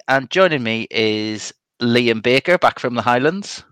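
A man's voice: mid-range voice, expressive, a little slow, hardly any pauses, a bit bright, clean tone, dry recording. A man hosting a casual podcast chat, chatty and hesitant, laughing often. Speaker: podcast host.

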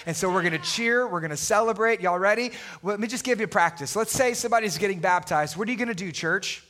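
A male pastor in his thirties preaching a lively, playful sermon to his congregation in a church, on a body mic. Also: high-pitched, fast, background noise. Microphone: wireless body mic.

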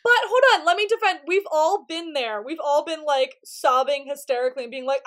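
A woman co-hosting a TV recap podcast, talking in an animated, casual way, swearing freely and acting out lines from the show. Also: sits high, a little fast, few pauses. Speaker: podcast co-host. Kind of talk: casual chat.

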